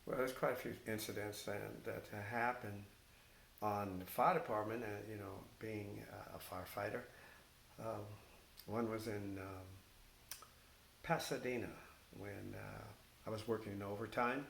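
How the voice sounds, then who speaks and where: A middle-aged or older man, a former firefighter, recounting his career in oral-history storytelling. He speaks haltingly, with many fillers and restarts. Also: lowish voice, gravelly. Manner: halting, with many fillers and restarts, animated when quoting others. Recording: echoey room with faint hiss.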